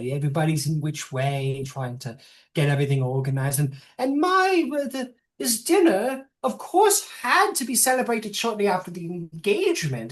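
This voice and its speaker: A man's voice: high voice, pitched above the performer's own voice. A man voicing a forgetful, grand old gnome matriarch who chatters in a quavering voice. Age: older.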